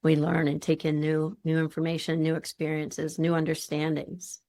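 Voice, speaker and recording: Chatty woman presenter with a low voice. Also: completely flat delivery, moderate pace, warm tone. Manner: chatty, acts out quoted voices. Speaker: workshop presenter. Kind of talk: informal teaching talk.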